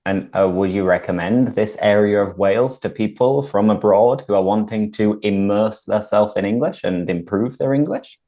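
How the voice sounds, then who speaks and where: A male host and English teacher speaks clearly and patiently as he explains word usage to his listeners. His voice is low and mellow, with a warm, relaxed tone. He asks his guest questions in a conversational way. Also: moderate pace, few pauses, lo-fi sound.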